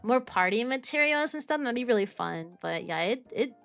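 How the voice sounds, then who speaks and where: A young woman with a fairly high voice chats with her viewers, rambling and restarting her sentences as she goes. She is a streamer and a kindergarten teacher from the United States, and faint music plays under her talk. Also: expressive, moderate pace, gravelly, a bit bright. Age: young adult. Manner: chatty, rambling with restarts and fillers. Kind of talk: casual chat answering viewers.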